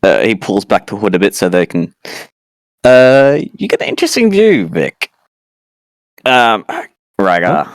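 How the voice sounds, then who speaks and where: Brief: male game master, very deep and smooth, hesitant narration with fillers, dry close sound. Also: big pitch swings, measured pace, pauses often, no room sound.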